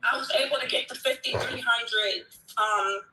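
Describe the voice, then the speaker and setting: A woman's voice: a little high, normal speed, pushed and bright. A woman joining a live stream as a guest, casual and pleased. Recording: roomy echo.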